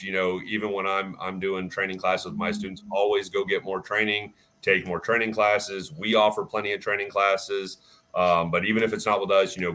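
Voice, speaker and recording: A man who works as a firearms instructor, telling a story in a casual, animated way with plenty of fillers. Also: low-pitched. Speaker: firearms instructor and range staff. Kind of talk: casual storytelling on a live chat.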